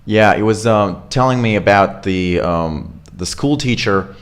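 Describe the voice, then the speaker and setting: A man, coaching pronunciation in a relaxed, chatty way. He models words slowly one by one and keeps asking "right?" to check that his listeners follow. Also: on the low side. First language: Russian. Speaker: accent coach. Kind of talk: casual pronunciation lesson.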